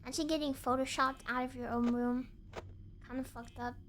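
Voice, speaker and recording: A woman's voice: sits high, steady tone, fairly quick, slight background noise. A woman streaming a game, chatting in a playful, goofy way and bantering with her chat. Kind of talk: casual gaming stream chat.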